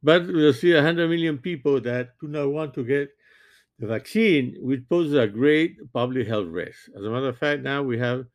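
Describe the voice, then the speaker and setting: A man in his sixties, a physician, giving a halting, earnest opinion monologue and often restarting his sentences. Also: medium pitch, dry recording. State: sleepy, yawning. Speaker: physician commentator.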